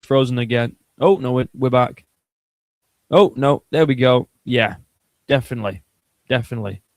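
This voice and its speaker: Joking streamer, dry sound. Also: male voice, mid-range voice, moderate pace, dry recording. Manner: joking, crude, rambling. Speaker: streamer host. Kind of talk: casual livestream chat.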